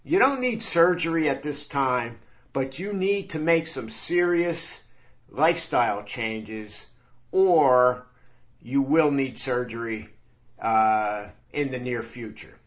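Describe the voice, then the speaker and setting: A man's voice: medium pitch, lively intonation, slow pace, muffled recording. A man voicing a firm, patient male doctor who lectures his patient on getting healthy. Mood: grave. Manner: level, lecturing advice.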